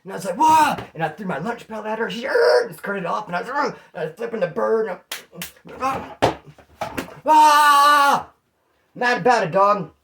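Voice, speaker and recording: A man from California spins a story in casual, slangy talk. He moves at a rapid clip in a somewhat high voice. He keeps jumping into animated impressions of what people said. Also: gravelly. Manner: animated, slangy, acts out quotes.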